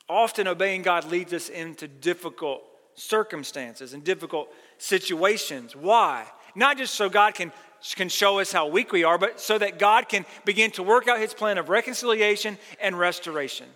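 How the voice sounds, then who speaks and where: Male pastor, high and bright-toned, earnest sermon delivery, long hall reverb. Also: a little fast. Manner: earnest preaching, quoting scripture with rising emphasis.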